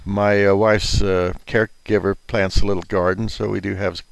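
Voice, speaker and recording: A man's voice: lowish voice, flat delivery, moderate pace, gravelly, dry recording. An older man telling a story and giving casual advice in a rambling, folksy way, chuckling at his own asides.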